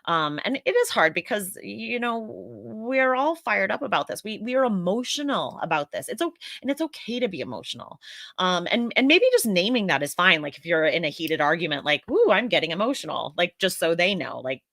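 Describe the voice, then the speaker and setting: A woman's voice: medium pitch, very animated, normal speed, vocal fry, fairly bright tone, no echo. An American woman hosting a casual live Q&A stream, earnest and reflective, often restarting her sentences as she thinks aloud. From United States.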